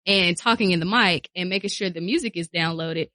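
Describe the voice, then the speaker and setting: A woman radio personality talking casually in a studio interview, lively and repeating phrases for emphasis. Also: fairly low pitch, fairly quick, no echo. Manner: animated, acts out quoted voices, repeats phrases for emphasis.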